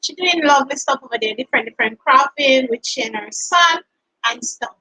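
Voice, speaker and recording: A woman's voice: sits high, brisk, bright, forceful tone, husky, low-quality recording. A woman with a Jamaican accent hosting a livestream, welcoming and thanking her viewers. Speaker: livestream host. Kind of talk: casual chat.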